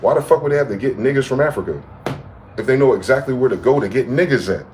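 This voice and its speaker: A man's voice: mid-range voice, expressive, quick pace, a little mellow, slight background noise. A man vlogging in a heated monologue, reading a document aloud and breaking off into angry, profane rhetorical questions.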